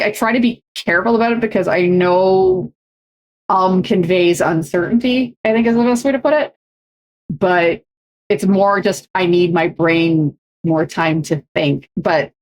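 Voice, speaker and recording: Chatty woman streamer, lots of fillers. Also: mid-range voice. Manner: chatty, many fillers and restarts. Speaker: streamer and co-host. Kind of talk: casual chat on a stream.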